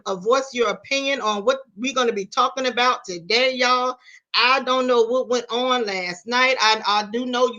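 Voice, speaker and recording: Sassy woman from virginia doing gossip on her live stream, high bright voice, cusses a lot, says honey all the time. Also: lo-fi sound. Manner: sassy, blunt, calls viewers "y'all" and "honey"; swears freely, dramatic retelling. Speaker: YouTube commentary host.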